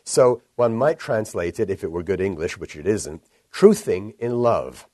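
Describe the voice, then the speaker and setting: Man, pastor giving a sermon, measured and earnest, lowish voice, dry close sound. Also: animated, dark tone, no room sound. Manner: measured, earnest, rises when reading scripture. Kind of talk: recorded sermon.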